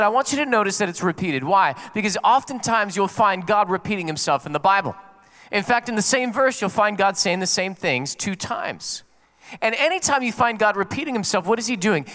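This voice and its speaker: High-voiced man preaching a sermon. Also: fairly bright tone. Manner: storytelling preacher who plays out quotes and jokes with the congregation. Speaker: pastor.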